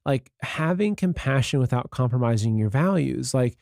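A man hosting an interview in a relaxed, conversational way, full of "like" and "you know". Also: medium pitch, moderate pace, gravelly, no room sound, studio quality. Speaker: interview host. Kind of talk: casual interview talk.

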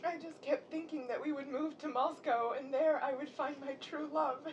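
Stage role: actress as a despairing youngest sister in her twenties, very high voice, anguished and tearful. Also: fairly even intonation, moderate pace, lo-fi sound, slight background noise, close to an everyday voice. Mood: subdued. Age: 20s. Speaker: stage actor. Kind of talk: live stage acting.

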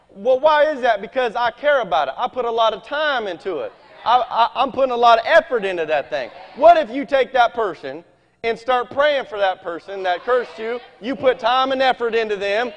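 A man preaching a sermon in a folksy, animated way, reading scripture aloud and talking straight to his congregation. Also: very high voice, normal speed, big-room sound, highs cut off. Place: church meeting hall.

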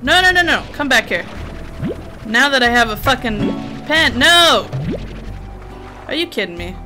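Woman let's player, higher voice, loud cursing and scolding commentary over game music. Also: normal speed. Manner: excitable, heavily profane, scolding game creatures. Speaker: let's play gamer. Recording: game music playing underneath.

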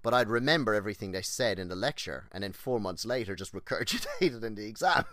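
Low-voiced man telling rambling stories. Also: very animated, fast talker, pushed and bright, dry recording, studio quality. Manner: swears freely, acts out quoted people in his stories; rambling, restarts and goes on tangents. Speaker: podcast guest, exercise physiologist. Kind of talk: casual podcast chat, personal storytelling.

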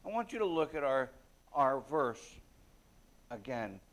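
Slow, earnest male preacher. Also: medium pitch, very animated, a bit bright. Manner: earnest, conversational preaching with bursts of emphasis and repetitions; reads scripture aloud in King James wording. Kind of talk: sermon.

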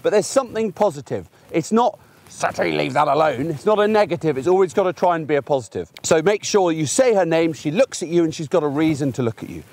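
A man's voice: on the high side, lively intonation, quick pace, few pauses, dark tone, a little hiss or hum. A middle-aged man, a gundog trainer, explaining puppy training outdoors in a chatty way, using everyday examples. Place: outdoors in a field by a fence.

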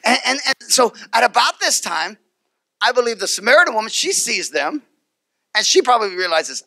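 A male pastor preaching a sermon, telling the story in a lively way, acting out the people in it and repeating his phrases. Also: extremely high pitch, normal speed, gravelly, no room sound, studio quality.

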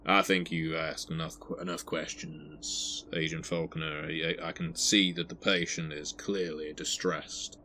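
A man's voice: rumbling low, level tone, unhurried, few pauses, sharp tone, slight background noise, full character voice. A man voicing a stern male sheriff who used to be a soldier. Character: stern middle-aged male sheriff, former military.

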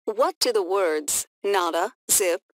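A woman reading a children's story aloud and asking comprehension questions, in a clear storytelling manner. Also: medium pitch, animated, takes it slowly, background noise. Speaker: reading teacher.

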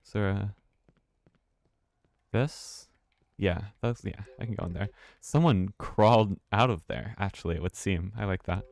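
A man's voice: on the low side, measured pace, gravelly, darkish tone, no room sound. A man streaming a horror game, talking to himself with nervous laughs and swearing. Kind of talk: casual let's-play commentary.

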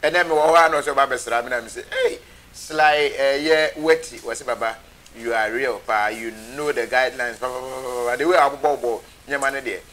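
A man's voice: medium pitch, quick pace, pushed and bright, poor audio. A man hosting a live show, casually reading viewer comments aloud.

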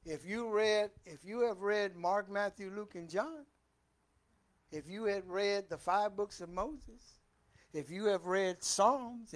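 High-voiced man preaching in church. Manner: reads scripture aloud with emphasis, then talks loosely to the congregation. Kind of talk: Bible teaching sermon. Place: church hall.

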